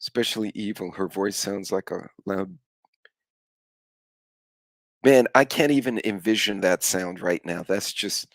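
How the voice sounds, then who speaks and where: A man's voice: fairly low pitch, measured pace, long pauses, no echo. A middle-aged man, hosting a casual live stream chat and telling rambling stories with offhand swearing.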